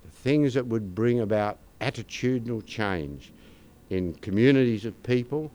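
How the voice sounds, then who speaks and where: Older Australian man preaching, smooth voice. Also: medium pitch, expressive, moderate pace, mellow. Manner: conversational, anecdotal preaching with asides to the congregation. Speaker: pastor. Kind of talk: sermon.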